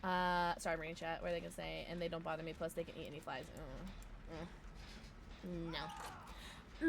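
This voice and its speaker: A woman's voice: lowish voice, animated, fairly quick, pauses often. Woman gamer streamer, bouncy intonation, chatty and playful, faint room hum. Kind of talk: casual gameplay streaming, reading chat.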